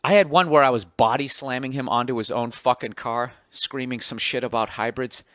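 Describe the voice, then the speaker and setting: A man in his forties with a Boston accent, telling a profane, exasperated story with sudden loud outbursts on his podcast. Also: mid-range voice, normal speed, dry recording, clean studio sound. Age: 40s. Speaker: podcast host. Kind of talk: ranting comic monologue.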